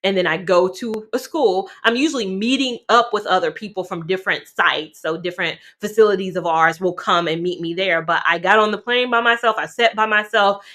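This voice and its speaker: Chatty, bright-voiced woman vlogger. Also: fairly low pitch. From North Carolina, USA. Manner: chatty, animated, talks to viewers directly. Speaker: travel vlogger. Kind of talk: casual chat to camera.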